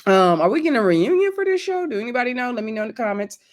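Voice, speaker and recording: A woman vlogger recapping a reality TV episode in a casual, gossipy, animated way, with loose slangy talk and asides to her viewers. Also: a little high, rapid-fire. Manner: loose slangy speech addressing viewers as y'all.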